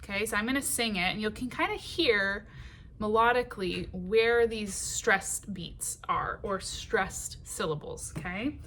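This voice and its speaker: A woman teaching songwriting in a patient, unhurried way, with many ums and short sung phrases. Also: medium pitch, fairly bright tone, slight background noise.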